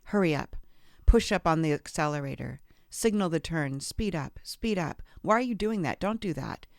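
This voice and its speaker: A woman's voice: low-pitched, expressive, moderate pace, vocal fry, dry recording, studio quality. A woman voicing an impatient, controlling husband who barks orders in a memoir reading. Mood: impatient nagging. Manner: nagging, barking orders.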